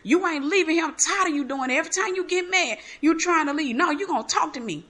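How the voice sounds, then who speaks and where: A woman's voice: very high-pitched, fast, pitched above the performer's own voice. A woman acting as an angry controlling boyfriend. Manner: shouting demands.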